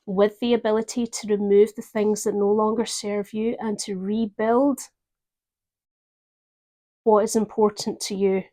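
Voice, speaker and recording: A woman giving a gentle, reflective tarot reading, pausing often to think. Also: medium pitch, little pitch movement. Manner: gentle, reflective, with pauses and fillers. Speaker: tarot reader.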